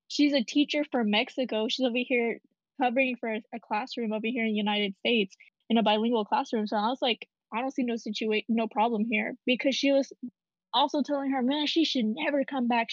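A woman's voice: on the high side, dry recording, lo-fi sound. A woman who works at a school, speaking outspokenly in a casual group conversation. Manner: outspoken, quotes herself often. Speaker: school staff member.

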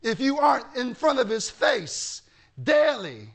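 High gravelly man preaching, lively storyteller who breaks into shouts. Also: measured pace. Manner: animated storytelling, bursts into shouting. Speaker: pastor. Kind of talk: sermon.

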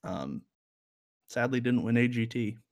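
A man's voice: mid-range voice, lively intonation, unhurried. A man co-hosting a casual music review chat, rambling with lots of fillers and a wry, joking edge. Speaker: music podcast co-host.

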